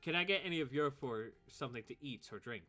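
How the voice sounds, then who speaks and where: A man playing a calm old innkeeper in a tabletop game, courteous and unbending with freeloaders. His voice is bright and clear, at an ordinary pitch. He drags out thoughtful hums before naming his prices. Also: faint music behind. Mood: polite. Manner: polite but firm, drawn-out hmms.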